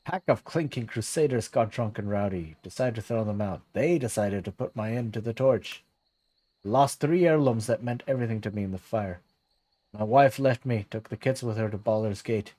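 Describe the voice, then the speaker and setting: A man's voice: on the low side, normal speed, no echo, close to an everyday voice. A man reading aloud the lines of a weary, curt innkeeper who has lost everything, in a game. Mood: bitter. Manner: flat read-aloud delivery of game dialogue. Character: bitter ruined male innkeeper, weary and curt.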